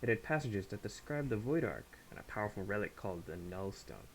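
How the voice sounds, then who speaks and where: A man's voice: fairly low pitch, sing-song, a little fast, slight background noise, low-quality recording. A man voicing a fierce, vengeful female sky pirate captain as he reads game dialogue aloud without an accent.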